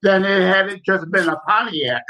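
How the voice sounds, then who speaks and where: A man's voice: high-pitched, moderate pace, pushed and bright. A man co-hosting a podcast, chatting earnestly. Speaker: podcast co-host. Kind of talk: casual chat. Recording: dull lo-fi sound.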